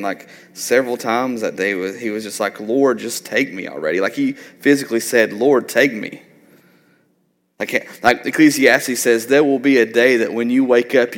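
With big-room sound around him, a medium-pitched man in his thirties delivers a sermon as a pastor. He keeps it loose and conversational, frequently adding "like" and "right?".

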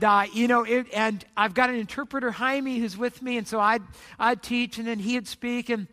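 A pastor preaching a sermon, an animated storyteller whose voice rises loud in the busy parts and softens into slow appeals. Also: mid-range voice. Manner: animated storyteller, rising loud when retelling chaos; trails off into soft, slow appeals at the close.

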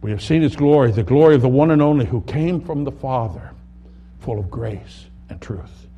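A man's voice: medium pitch, animated, husky, muffled recording. Man preaching with sweeping dynamics. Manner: dramatic swings from hushed to loud, slows on key words. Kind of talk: sermon.

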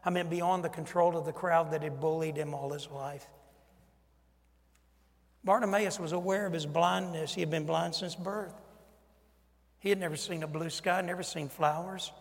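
Southern preacher with a high, carrying voice. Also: male voice, in a large hall. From Mississippi. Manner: folksy storytelling that swings from quiet asides to loud preaching. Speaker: pastor. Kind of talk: sermon.

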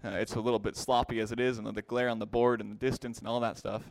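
A man's voice: mid-range voice, level tone, fast, no room sound. Man teaching a Bible class, dry sound. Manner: explanatory, repeats key phrases for emphasis. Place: classroom with a whiteboard.

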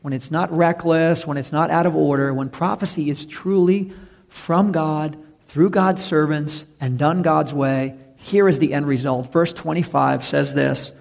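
A male pastor preaching a sermon, stressing key words slowly and acting out quoted voices. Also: fairly high pitch, steady tone, vocal fry, darkish tone. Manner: preaching with emphatic slow stresses and acted-out quotes.

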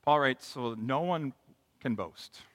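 A man preaching a sermon as a pastor, moving from quiet reflection to impassioned emphasis. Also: mid-range voice, lively intonation, slow, big-room sound.

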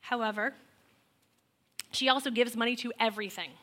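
A woman in her forties telling a humorous personal testimony to an audience. She is animated and exasperated, and she acts out the people she quotes. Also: on the high side, normal speed. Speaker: speaker sharing a personal testimony.

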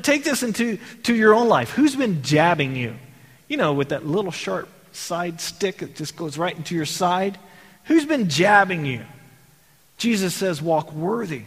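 High-voiced man preaching in a reverberant hall. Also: a bit bright. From Texas. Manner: conversational preaching with rhetorical questions. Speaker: pastor. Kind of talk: sermon.

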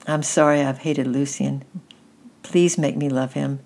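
A woman's voice: rumbling low, steady tone, a little slow, gravelly, darkish tone, heavily acted. Woman reading as a shaky, frightened little girl. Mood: prayerful. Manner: pleading, shaky, small voice. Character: cold, frightened little mountain girl, pious.

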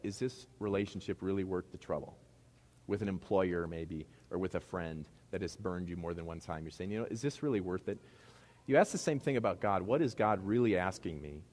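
A man's voice: low voice, a little mellow. A man with a Midwestern accent preaching a sermon to a congregation in a middle school hall, talking conversationally and asking them rhetorical questions. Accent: Midwestern American. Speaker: pastor.

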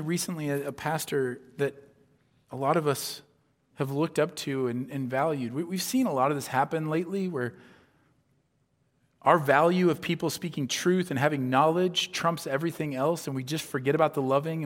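A man preaching a conversational sermon, his voice sitting fairly high for a man. He throws in frequent rhetorical asides and acts out the people he quotes. His words carry a long reverb, as if spoken in a large church hall. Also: moderate pace. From upper Midwest of the US. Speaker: pastor.

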